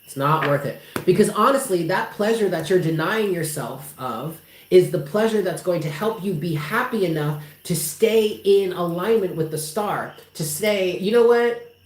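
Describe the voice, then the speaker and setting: A woman's voice: fairly low pitch, moderate pace, few pauses, darkish tone. A woman giving live tarot readings to her viewers, affectionate and emphatic, who swears casually. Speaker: tarot reader. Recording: roomy with faint background noise.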